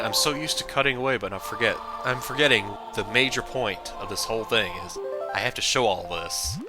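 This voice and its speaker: A let's play host with a lowish voice offers loose, rambling commentary as he plays a video game, peppered with goofy, self-mocking asides. Game music is clearly audible behind him throughout.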